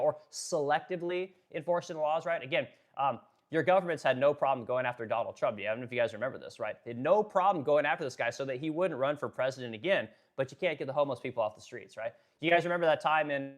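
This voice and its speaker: A man from Oregon giving a casual political rant to his viewers, animated, swearing, and ending lines with "right?". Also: medium pitch. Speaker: political commentator.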